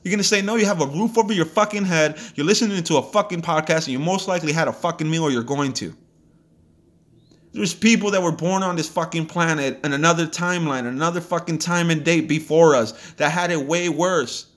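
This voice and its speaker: A man's voice: a little high, fairly quick, fairly bright tone. A man hosting a podcast, delivering a blunt, profane and heated motivational rant. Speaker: podcast host. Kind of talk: ranting motivational monologue.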